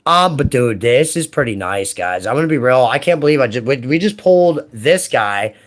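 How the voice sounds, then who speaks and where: A man in his late thirties chatting casually while opening trading card packs, rambling and excitable, full of "dude" and "man". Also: mid-range voice, moderate pace. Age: 30s. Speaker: card-opening video host.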